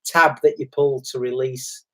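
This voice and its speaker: A man's voice: medium pitch, measured pace. A middle-aged man in casual chat as a podcast co-host, telling anecdotes and acting out the people in them. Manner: animated storyteller, voices quoted people.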